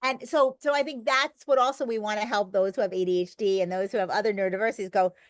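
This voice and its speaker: A woman's voice: mid-range voice, fairly even intonation, fast, no room sound. A middle-aged woman talking as a podcast guest, an emphatic and talkative storyteller in casual conversation. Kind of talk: conversational interview.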